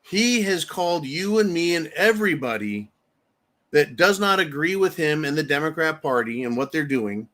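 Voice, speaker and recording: A man's voice: a little high, animated, normal speed, fairly bright tone. A man hosting a talk show, giving rambling, emphatic, opinionated commentary. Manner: rambling, emphatic, mocking voices for quotes. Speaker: show host.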